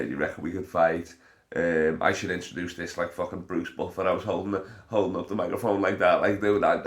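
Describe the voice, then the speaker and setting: A young man telling a rambling, sweary story as a comedian hosting his podcast. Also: sits low. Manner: rambling, swears a lot, frequent fillers. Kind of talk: casual storytelling chat.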